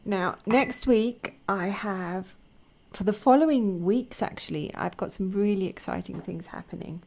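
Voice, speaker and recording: A woman hosting an art channel, chatting casually with a croaky voice, gushing and halting with repeated words. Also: mid-range voice, darkish tone. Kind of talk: casual chat.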